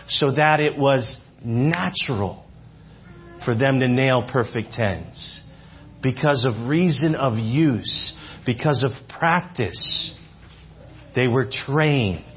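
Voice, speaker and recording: A man in his forties preaching a sermon in church, animated, repeating phrases for emphasis and asking the congregation questions. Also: mid-range voice, slow pace, husky, dull audio. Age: 40s. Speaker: visiting speaker. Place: church sanctuary.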